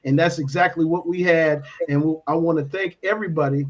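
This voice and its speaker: A man's voice: on the high side, fairly even intonation, fairly quick. A man hosting a casual morning talk show, laid-back and repeating his catchphrases. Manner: laid-back, repeats "you know what I'm saying". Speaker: radio talk show host. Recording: dull lo-fi stream audio.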